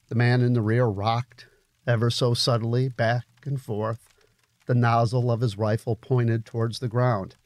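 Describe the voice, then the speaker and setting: A man narrating a story in a measured, grave audiobook reading. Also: mid-range voice, steady tone, a little mellow, no room sound. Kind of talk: scripted narration.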